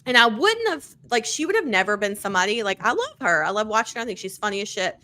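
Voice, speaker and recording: A woman hosting a podcast, casually reviewing books with lots of fillers, easy swearing and excited storytelling. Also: mid-range voice, fast talker. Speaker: podcast host. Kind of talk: casual book-review chat.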